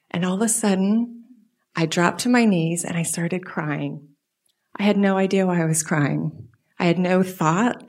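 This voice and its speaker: Animated woman telling a personal story. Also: lowish voice. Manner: animated storytelling, dips into soft whispers. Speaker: guest speaker. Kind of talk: personal story in a church message.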